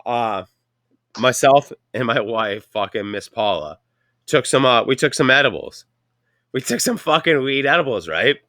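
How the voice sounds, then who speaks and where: A man's voice: mid-range voice, animated, moderate pace, sharp tone, no room sound, clean studio sound. A man with a Canadian accent hosting a casual chat, telling a rambling story full of profanity. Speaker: podcast host.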